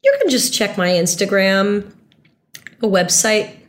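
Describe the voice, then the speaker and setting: A woman guesting on a podcast, chatty and bubbly, talking in quick run-on sentences. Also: mid-range voice, very animated. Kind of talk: casual podcast chat.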